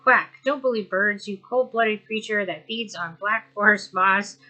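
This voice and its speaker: A woman voicing a blunt, snarky duck who opens her lines with a quack and deadpan retorts. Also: mid-range voice, a little slow. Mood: scolding.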